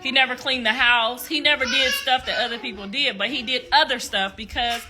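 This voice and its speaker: Middle-aged woman, croaky voice, high pitched, laughing, livestream chat. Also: a little fast, background noise. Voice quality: croaky voice she likens to a frog. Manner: loud, laughing, storytelling, calls viewers y'all. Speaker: livestream host.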